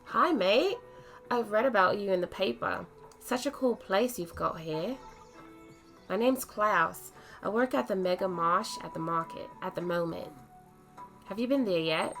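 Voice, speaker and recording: A woman's voice: medium pitch, a bit bright. A woman voicing a chatty young male metal-band shop owner with an Australian accent, reading his lines in a friendly, slangy way. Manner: laid-back, friendly slang.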